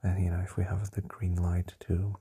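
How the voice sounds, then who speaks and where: Keeping his voice down for housemates sleeping nearby, a young man lies in bed in their shared home and whispers his nightly podcast diary. The delivery is slow, flat, and hesitant, full of fillers, in a low, dark, very breathy tone.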